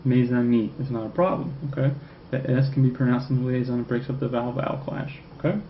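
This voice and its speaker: Male French teacher, mid-pitched voice, tags "okay?" after every point, dull lo-fi recording. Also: little pitch movement. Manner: checks in with "okay?" constantly, repeats French phrases slowly. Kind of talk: recorded classroom lecture. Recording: echoey room, dull lo-fi sound, faint noise.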